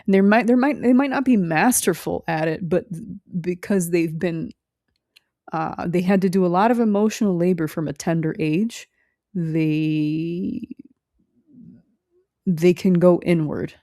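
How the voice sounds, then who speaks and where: A woman's voice: lowish voice, measured pace, warm tone, no room sound, clean studio sound. A young woman vlogger telling a rambling story in a casual, chatty way, full of fillers and restarts and the odd swear.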